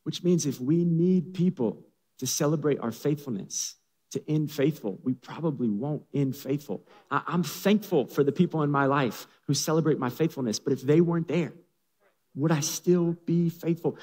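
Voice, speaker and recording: A man's voice: a little high, moderate pace, mellow, slightly rough. A man preaching a sermon as a pastor, with dramatic, humorous storytelling, in an echoey hall.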